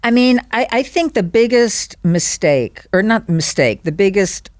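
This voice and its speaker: Podcast guest, woman; chatty and animated, jumps into character voices mid-story. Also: mid-range voice, measured pace, no echo. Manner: animated storyteller acting out quoted dialogue. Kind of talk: casual podcast conversation.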